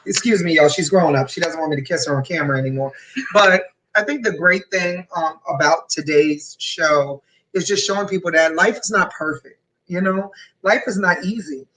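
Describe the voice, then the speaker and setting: A woman hosts a motivational talk show, her voice bright and forceful. She talks in an animated, playful way, teasing and encouraging as she goes. The mic sits a little away from her. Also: lowish voice, moderate pace, far from the mic, low-quality recording. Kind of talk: casual motivational chat.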